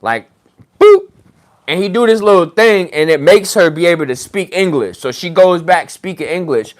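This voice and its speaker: A man telling a story in a casual, animated way, swearing and laughing as he goes. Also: a little high, normal speed. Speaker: podcast host, regression practitioner.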